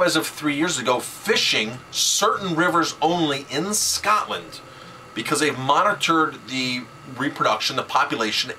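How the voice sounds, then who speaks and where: Chef guy ranting on his blog, punchy, repeats stuff, bright sharp voice. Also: medium pitch, slight background noise, low-quality recording. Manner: emphatic, repeats words for stress. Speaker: chef and food advocate. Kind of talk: casual video blog talk.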